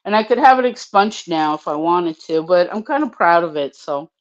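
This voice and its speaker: An older woman telling a personal story casually, profane and animated, acting out the voices in it. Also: lowish voice, normal speed, dull audio. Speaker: storyteller guest.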